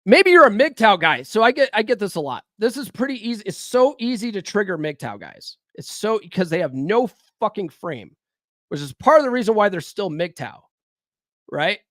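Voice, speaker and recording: A man's voice: high-pitched, big pitch swings, normal speed, fairly bright tone, no room sound, studio quality. Blunt, profane man talking to listeners. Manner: blunt and profane, keeps asking "right?"; rhetorical, challenges listeners directly. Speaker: podcast host. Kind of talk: casual solo talk on dating and self-improvement.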